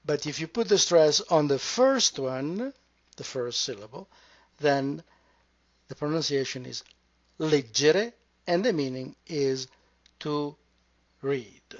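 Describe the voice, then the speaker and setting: Male language teacher, very unhurried and careful delivery, muffled lo-fi recording. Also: fairly high pitch, animated. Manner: careful, repeats words slowly to model sounds. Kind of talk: slow, deliberate pronunciation lesson. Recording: dull lo-fi recording.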